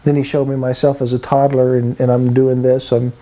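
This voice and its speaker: A man in his sixties from Texas tells a personal testimony in an earnest, vivid way. His voice is mellow and warm, sitting in a middle pitch. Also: flat delivery, fairly quick, rough recording. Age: 60s. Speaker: testimony speaker.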